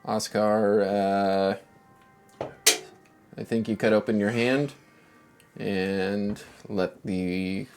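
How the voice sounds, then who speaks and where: Low-voiced rambling male game master. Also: a little mellow. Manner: rambling, offhand, filler-heavy. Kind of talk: casual chat and game recap narration. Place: live-streamed tabletop session.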